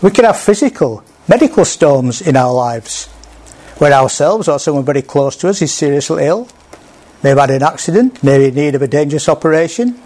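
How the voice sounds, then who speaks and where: Guy preaching a sermon, kinda high voice, chatty and relaxed, restarts bits. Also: brisk. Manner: conversational, with small restarts, acts out quoted speech.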